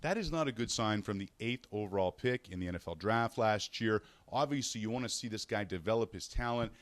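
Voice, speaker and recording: A lower-voiced Canadian man hosts a fantasy sports show from a hotel room. He tells road stories in a loose, chatty way and acts out the people he met along the way. The sound is dry and close, with almost no room in it. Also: fairly quick, dry recording. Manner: chatty, animated storyteller, acts out quoted people. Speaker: fantasy sports radio host. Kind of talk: casual solo show, storytelling.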